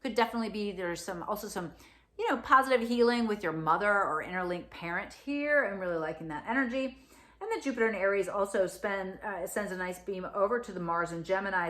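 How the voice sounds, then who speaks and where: Woman astrologer chatting thru a forecast, lots of ums and "right?", mid pitch. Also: brisk, fairly bright tone. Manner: chatty, many fillers and "right?" asides. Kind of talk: casual spoken forecast to camera.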